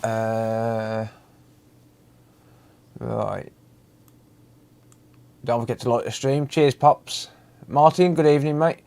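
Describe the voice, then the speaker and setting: A man's voice: mid-range voice, little pitch movement, takes it slowly, gravelly, pauses often, a little mellow. A man hosting a casual live stream, greeting viewers by name and chatting loosely.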